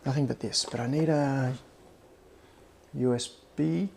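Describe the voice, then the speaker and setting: Gravelly Australian man tinkering on a livestream. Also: mid-range voice, fairly even intonation, unhurried, noisy background. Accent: Australian, with a slight American tinge. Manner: rambling, self-mocking, talks to himself while tinkering. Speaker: host. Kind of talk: casual livestream, thinking aloud while working.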